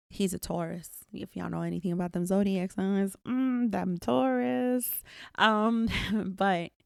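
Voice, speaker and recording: A woman's voice: mid-range voice, vocal fry, darkish tone, clear, resonant tone, no room sound, clean studio sound. A woman hosting her own podcast alone, talking candidly and emphatically and swearing freely. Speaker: podcast host. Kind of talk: solo podcast monologue.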